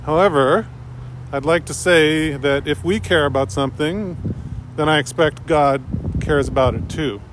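A man voicing a patient pastor who answers a teenager calmly. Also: fairly high pitch, a little slow, background noise, lightly acted. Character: patient middle-aged pastor, calm and wry.

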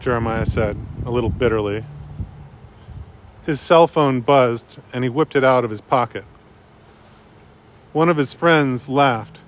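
A man narrating a story in a measured, unhurried way. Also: medium pitch. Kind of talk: story reading.

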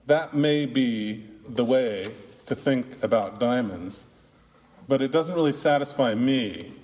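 A male minister preaches at an unhurried pace, placing words carefully and pausing often. His voice sits in a mid register. A long reverb trails each phrase, as in a large church sanctuary. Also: medium pitch, lively intonation, a little mellow. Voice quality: slow, deliberate delivery with long pauses. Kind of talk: sermon.

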